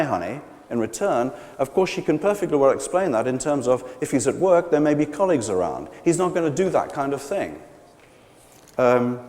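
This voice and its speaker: Man, public lecture, very animated intonation, hesitant restarts, long reverberant hall. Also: medium pitch. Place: large gallery pavilion.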